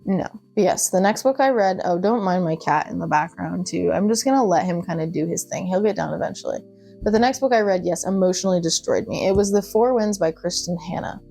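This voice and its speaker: A woman's voice: fairly low pitch, fairly quick, gravelly, dark tone, faint music behind. Chatty young woman gushing about books. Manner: chatty and gushing, with laughs and asides. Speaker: book vlogger. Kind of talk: casual chat.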